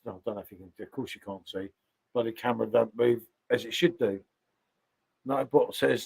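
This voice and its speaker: A man's voice: medium pitch, a little fast, creaky, darkish tone, husky. A man hosting a casual live stream from his home, chatty, and he keeps tagging questions onto what he says. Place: home sitting room.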